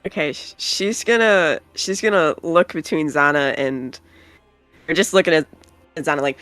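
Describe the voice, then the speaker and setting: A woman playing a tabletop game, speaking for her character with forceful insistence. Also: sits low, moderate pace, no room sound, soft background music. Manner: hesitant at first, then forceful. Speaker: player. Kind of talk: tabletop role-play.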